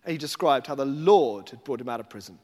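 A man's voice: mid-range voice, lively intonation, quick pace, dark tone, in a large hall. A man preaching a sermon, telling the story animatedly and slipping into acted voices.

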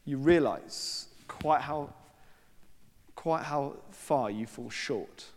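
A man's voice: mid-range voice, drawn-out words, darkish tone. A man preaching a sermon, telling stories in a chatty way and acting out the people he quotes. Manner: conversational storytelling with quoted voices and asides. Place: church. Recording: long hall reverb.

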